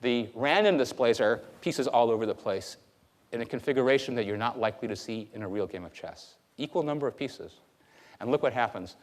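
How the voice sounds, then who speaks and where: A man's voice: mid-range voice, brisk. Male lecturer, conversational, lots of fillers, lapel mic, lecture hall. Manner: lively, conversational, frequent fillers and "okay?". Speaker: university lecturer. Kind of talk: classroom lecture.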